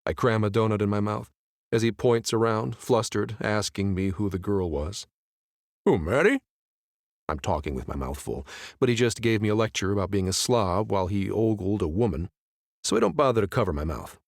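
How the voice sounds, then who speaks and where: A man with a fairly low voice reads a first-person romance audiobook. His delivery is casual and wry, like someone telling a friend a story. The recording is close and dry, with no room sound. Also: fairly quick, vocal fry, dry recording. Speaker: audiobook narrator.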